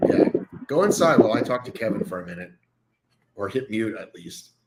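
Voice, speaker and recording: Animated man hosting a live show. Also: fairly low pitch, a little fast, heavy background noise. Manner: animated, joking, swears freely. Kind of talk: casual live show chat.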